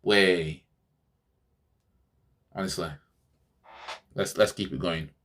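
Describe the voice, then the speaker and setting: A man's voice: low voice, steady tone, slow, fairly bright tone, a little hiss or hum. A man hosting a fan channel, ranting sarcastically in a heated football reaction, repeating himself as he goes.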